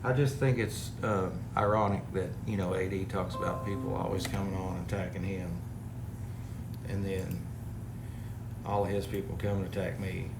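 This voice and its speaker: A man's voice: low voice, steady tone, moderate pace. A man talking casually to his viewers, exasperated and rambling, reading out comments. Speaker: parody video maker. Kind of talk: casual complaint to camera. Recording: echoey room with background noise.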